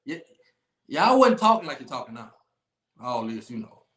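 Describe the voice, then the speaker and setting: A man's voice: mid-range voice, big pitch swings, normal speed, roomy sound. A man hosting a sports talk livestream, emphatic and repetitive as he trash-talks rivals. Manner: loud, emphatic trash-talk with repeated phrases and laughs. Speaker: podcast host.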